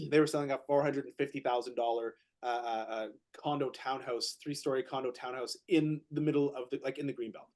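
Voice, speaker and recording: A man's voice: medium pitch, fairly quick. A man co-hosting a podcast, telling a real estate story in casual chat, repeating words as he gets going and acting out what others said. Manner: animated, repeats words when excited, acts out quotes.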